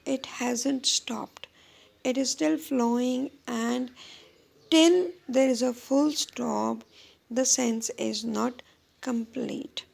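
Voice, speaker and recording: A woman teaching poetry in a slow, deliberate lecture. Her voice is heavily gravelly with fry, sitting a little high. She pauses often between short phrases as she explains. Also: steady tone, darkish tone.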